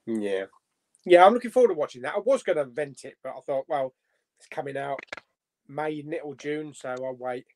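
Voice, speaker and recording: Lively man with a bouncy voice. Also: a little high, normal speed, slight background noise. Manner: lively, reads out chat comments. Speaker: guest. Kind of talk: casual live-stream chat.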